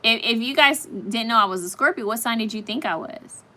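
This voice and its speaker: A woman's voice: a little high, a little fast, pushed and bright. A woman hosting a casual live stream, chatting straight to her viewers and reacting to their comments as they come in.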